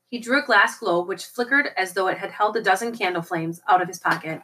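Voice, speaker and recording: Woman, audiobook reader, steady storytelling, bright clear voice, middle pitch. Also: fairly quick, few pauses, rough recording. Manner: steady storytelling with occasional slips and restarts. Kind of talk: reading a novel aloud.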